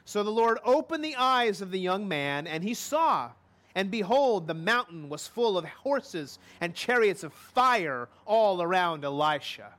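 A man's voice: high-pitched, pushed and bright. A man preaching a sermon in a conversational way, often putting questions to his listeners.

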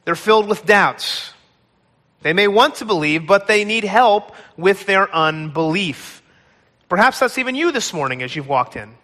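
High, bright-voiced male pastor preaching. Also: animated, normal speed, in a large hall. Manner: dramatic storytelling, acting out pleas. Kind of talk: sermon. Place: large church hall.

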